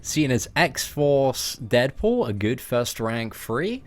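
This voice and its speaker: A man's voice: mid-range voice, very animated, slow. A young man chatting casually on a live game stream, joking and answering his viewers. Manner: chatty, joking, reads out chat messages.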